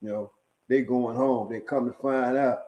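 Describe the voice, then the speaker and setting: Middle-aged storyteller, streetwise and profane, mellow dark voice, leans on "man" and "right?" between lines. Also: mid-range voice, fairly even intonation, moderate pace, low-quality recording. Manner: chuckles at his own stories. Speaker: storyteller sharing prison stories. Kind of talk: casual storytelling monologue.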